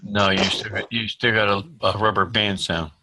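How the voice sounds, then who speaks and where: A man's voice: on the low side, little pitch movement, moderate pace, bright, forceful tone, a little hiss or hum, rough recording. A man on a video call giving blunt, matter-of-fact feedback to a colleague. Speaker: team member on the call.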